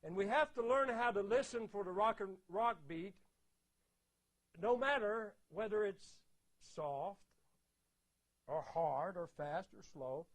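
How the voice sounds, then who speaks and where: A man's voice: high-pitched, animated, takes it slowly, long pauses. An older man giving a spoken lecture on rhythm, explaining and counting beats aloud with emphasis. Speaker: lecturer on music. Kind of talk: spoken lecture with audio clips.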